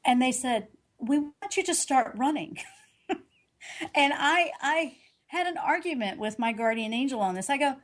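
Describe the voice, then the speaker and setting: Earnest storytelling woman guest, slightly high. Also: normal speed. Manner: animated, earnest, restarts and self-corrections. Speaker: guest, intuitive reader. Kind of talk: conversational interview storytelling.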